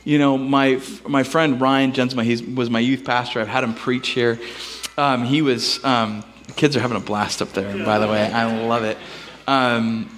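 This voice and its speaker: A man preaching a sermon in a church, telling a story with animated voices for the people in it. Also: moderate pace, big-room sound. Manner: storytelling, animated, acts out characters with big pitch jumps. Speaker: pastor. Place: church sanctuary.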